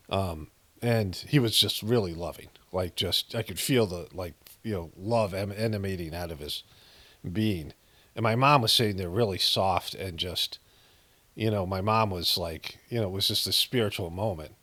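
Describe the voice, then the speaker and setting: A man's voice: deep voice, fairly bright tone, no echo. A middle-aged man casually telling a personal story, rambling with many fillers and restarts, frank and sometimes profane. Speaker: meditation practitioner telling a story.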